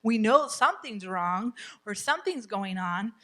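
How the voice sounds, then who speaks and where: Woman, middle-aged, warm chatty class leader, laughs easily and acts out quotes, medium pitch. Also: lively intonation, unhurried. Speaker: parenting class teacher. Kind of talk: teaching a class to a live group. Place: church meeting room.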